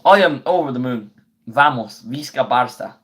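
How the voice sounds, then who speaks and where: A young man, his voice going hoarse, chatting casually on a live football watchalong and breaking into excited play-by-play of the action. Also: mid-range voice. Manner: chatty and slangy, bursts into quick excited play-by-play. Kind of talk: casual live stream chat with match commentary.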